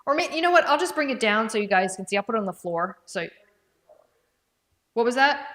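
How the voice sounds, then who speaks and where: A woman's voice: fairly high pitch, animated, fairly quick, pauses often, fairly bright tone. Chatty woman hosting a live stream. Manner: chatty, talks to viewers by name and reads out comments; thinks aloud while checking prices, with restarts. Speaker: livestream product presenter. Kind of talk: casual live-stream chat. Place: indoors at home with her dog.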